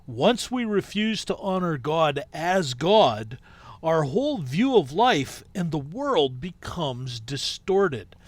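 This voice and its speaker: A man hosting a podcast, reading a book aloud in a measured way and breaking off into casual asides. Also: fairly high pitch, sing-song, no echo. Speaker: podcast host.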